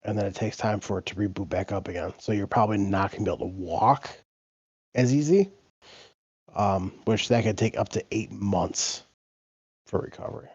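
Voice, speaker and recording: Guy rambling through a story, husky voice, kinda muffled dry mic. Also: fairly low pitch, normal speed, darkish tone, dry recording. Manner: rambling anecdote teller, repeats himself. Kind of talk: casual chat.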